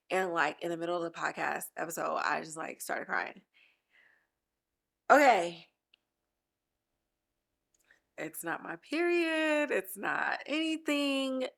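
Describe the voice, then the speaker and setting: A woman's voice: fairly low pitch, gravelly, sharp tone. A woman hosting a casual TV recap podcast, teary and gushing, often laughing as she talks. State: teary, close to crying. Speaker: podcast host.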